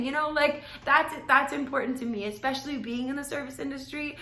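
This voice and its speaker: A woman's voice: sits high, steady tone, brisk, sharp tone. A young woman hosting a podcast, telling a story in a rambling, chatty way and saying "like" a lot. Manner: chatty, rambling, heavy use of "like". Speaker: podcast host. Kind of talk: casual storytelling. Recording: roomy echo.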